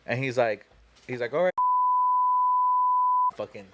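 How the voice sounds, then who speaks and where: A man's voice: mid-range voice, measured pace, very noisy. A young man on a podcast telling a long, profane story in a rambling way, full of "you know" and "like.". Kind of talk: casual storytelling chat.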